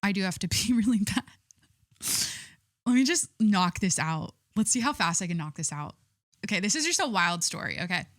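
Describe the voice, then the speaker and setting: A young woman hosts a solo podcast, chatting loosely and reading a news story aloud. She is irreverent and rambling, with plenty of likes and restarts. Her voice sits at an everyday middle pitch, and the sound is close and dry. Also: lively intonation, moderate pace, no room sound. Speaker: podcast host.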